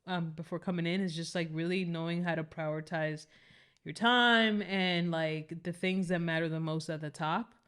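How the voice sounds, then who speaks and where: A woman's voice: fairly low pitch, steady tone, moderate pace, fairly bright tone, clean tone. A woman with a Spanish accent co-hosting a business podcast, talking easily with many fillers. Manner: easygoing, lots of "like" fillers. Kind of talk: casual podcast chat.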